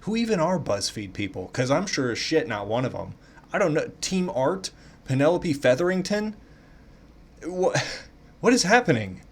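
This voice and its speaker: A man's voice: fairly high pitch, big pitch swings, moderate pace, breathy edge. Man mulling quiz answers aloud. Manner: off-the-cuff, swears freely, thinks out loud with playful indignation. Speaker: YouTuber taking online quizzes. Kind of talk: casual commentary while taking quizzes.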